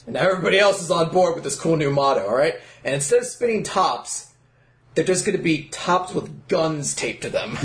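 A man co-hosting a casual podcast, riffing animated jokes and swearing freely. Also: a little high, moderate pace, roomy sound. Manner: animated, joking riffs, swears. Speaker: podcast co-host. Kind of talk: casual comedic chat.

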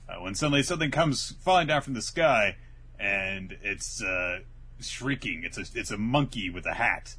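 A man in casual chat, animatedly retelling an episode and acting out characters in quick bursts. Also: on the low side, sharp tone, a little hiss or hum. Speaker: podcast co-host recapping an anime.

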